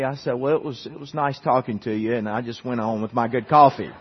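A preacher with a hoarse voice in a reverberant hall. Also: male voice, mid-range voice, a little fast, hardly any pauses. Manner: conversational, many restarts and asides to the congregation. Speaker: pastor. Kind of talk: sermon with personal story. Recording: dull muffled recording with long hall reverb.

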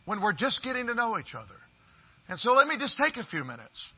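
A high-pitched man in his fifties gives a sermon as a guest preacher, folksy and chatty as he jokes with the people in the pews. The recording sounds dull and a bit lo-fi, as if captured in a church sanctuary. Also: wildly swooping pitch, fairly quick, breathy edge. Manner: folksy and joking with the congregation. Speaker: visiting preacher.

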